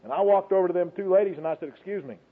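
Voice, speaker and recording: A man with a high voice gives a colloquial, dramatic church testimony at rapid-fire speed, addressing his audience directly. It's folksy storytelling, heard over a tinny, phone-like broadcast.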